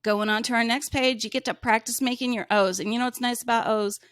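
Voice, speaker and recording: A woman teaching a phonics reading lesson to young children, drawing out sounds slowly and gently prompting the child with questions. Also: on the high side, fairly even intonation, no echo, studio quality. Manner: slow, clearly sounded-out words for young children.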